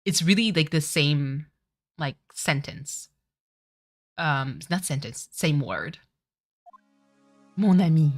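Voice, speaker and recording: A woman's voice: deep voice, expressive, slow pace, pauses often, faint music behind. A woman streamer, chatting casually over a game, giggling and correcting herself often. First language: French. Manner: giggly, apologetic, self-correcting. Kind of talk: casual let's-play commentary.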